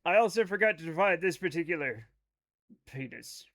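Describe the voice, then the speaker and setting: A man's voice: on the high side, lively intonation, moderate pace, a bit bright. A man with a Rhode Island accent, chatting casually on a live game stream, rambling as he reads chat aloud and riffs on it.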